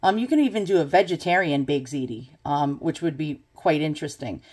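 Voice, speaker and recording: A woman's voice: deep voice, a little fast, darkish tone, slightly rough. Chatty New York woman reviewing a gadget. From Brooklyn, New York. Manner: chatty, blunt, many fillers. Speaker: product reviewer. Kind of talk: casual unboxing review.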